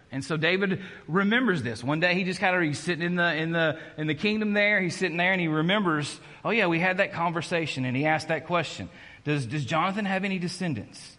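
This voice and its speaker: A pastor with a slightly high, sharp voice preaches in a large hall. His sermon is conversational and self-deprecating, and he restarts his sentences often.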